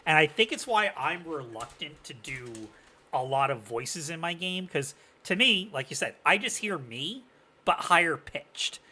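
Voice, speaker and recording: A man's voice: on the high side, lively intonation, measured pace, sharp tone. A man hosting a podcast interview, asking casual, rambling questions. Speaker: podcast host.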